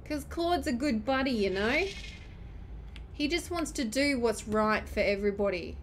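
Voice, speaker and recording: A woman's voice: fairly high pitch, expressive, unhurried, slight background noise. A woman streaming gameplay, ranting and swearing at the game as she plays. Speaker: gamer streamer. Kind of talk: gameplay commentary.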